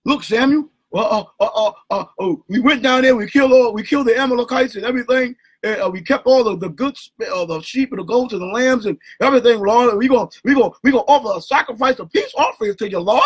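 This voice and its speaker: A man's voice: extremely high pitch, quick pace, few pauses, breathy edge, poor audio. A man acting as a stammering king making excuses. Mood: excusing. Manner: stammering, fawning.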